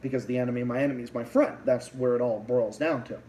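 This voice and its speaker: A man's voice: medium pitch, fairly even intonation, fast talker, dark tone, recorded from a distance, a little hiss or hum, poor audio. A man with a Boston accent hosting a livestream, delivering a heated, profane political rant full of restarts. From Massachusetts. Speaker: livestream host.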